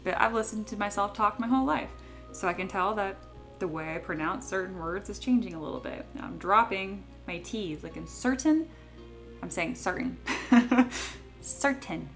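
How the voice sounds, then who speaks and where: A woman's voice: mid-range voice, brisk, a bit bright, soft background music. A young woman from California chatting casually while she works on a livestream, rambling and laughing often. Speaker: 3D sculptor streaming her work.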